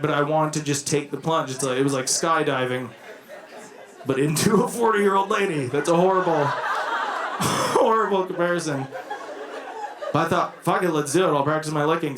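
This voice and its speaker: On a comedy club stage, a young man with a fairly high voice rambles through a self-deprecating stand-up set and laughs at his own jokes. The echoey, noisy room is filled with audience laughter.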